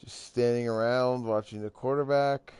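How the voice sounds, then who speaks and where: A tired man yawning his way through a casual recap of a football video game, talking in slow, halting phrases that trail off. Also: mid-range voice, steady tone, a little mellow, no echo. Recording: clear background noise.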